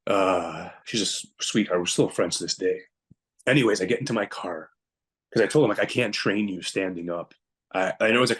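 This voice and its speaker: A young man with a very low voice, a guest on a podcast, recounting a hard personal story. He talks bluntly and with emphasis, often acting out what he said at the time. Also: fairly bright tone.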